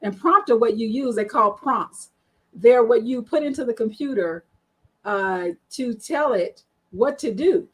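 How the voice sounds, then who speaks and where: A woman's voice: a little high, lively intonation, a little slow, slightly rough, low-quality recording. A woman guest on an online panel show, chatty and frank, telling her story with many fillers. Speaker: guest, marketing strategist.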